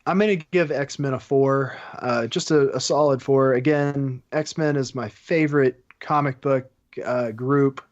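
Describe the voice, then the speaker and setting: Male co-host, mid-pitched, blunt and teasing, dull lo-fi recording. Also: fairly even intonation, unhurried, few pauses. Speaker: podcast co-host. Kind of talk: casual roundtable chat. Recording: dull lo-fi podcast audio.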